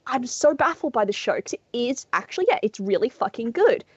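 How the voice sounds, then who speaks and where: A woman's voice: fairly high pitch, big pitch swings, a little fast, slightly rough, no echo, highs cut off. A woman co-hosting a casual podcast chat, talking with enthusiasm and casual swearing. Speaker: podcast co-host.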